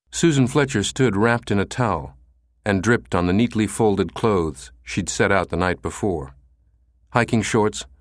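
A man reading a novel aloud as an audiobook narrator, expressive and shifting his voice for each character. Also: on the low side, no room sound, studio quality.

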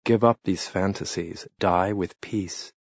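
A grim executioner speaks slowly and almost gently to a doomed man, as a male narrator plays him. The voice is low and quiet. It is a dry, dull, lo-fi audiobook recording. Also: fairly even intonation, gravelly, slightly rough, no echo, exaggerated voice. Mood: grimly gentle.

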